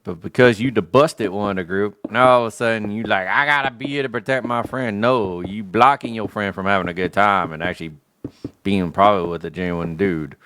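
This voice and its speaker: Deep-voiced man ranting casually. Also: fairly even intonation, brisk, a bit bright, no echo, studio quality. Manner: slangy, joking rant. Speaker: gaming livestreamer. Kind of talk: casual chat while gaming.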